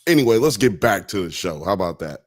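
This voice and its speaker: A man's voice: low voice, very animated, fast, dry recording. A man hosting a live-streamed talk show, chatting casually and profanely, joking with the audience and reading chat comments aloud.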